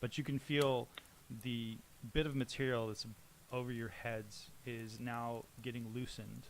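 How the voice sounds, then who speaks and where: Male game master, mid-pitched, halting descriptive narration. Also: level tone, a little hiss or hum.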